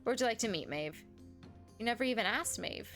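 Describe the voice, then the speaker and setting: A woman's voice: on the high side, fairly quick, faint music behind. Chatty American woman reading a game aloud. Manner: chatty, giggly, reads game lines aloud with animated asides. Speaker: gaming streamer. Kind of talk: reading and commenting on a visual novel.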